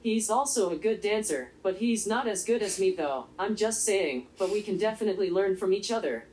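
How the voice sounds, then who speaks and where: A monotone synthetic robot voice, female. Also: mid-range voice, brisk, poor audio. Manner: polite, evenly paced, formal phrasing. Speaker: robot reviewer narrating a product review. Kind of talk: scripted review narration.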